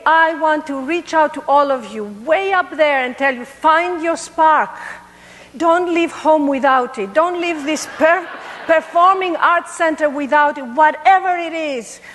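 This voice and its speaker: A middle-aged woman with a Greek accent giving an animated, emphatic motivational speech in a performing arts center. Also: high voice. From Greece. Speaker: motivational speaker. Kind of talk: inspirational speech with storytelling. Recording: echoey large hall.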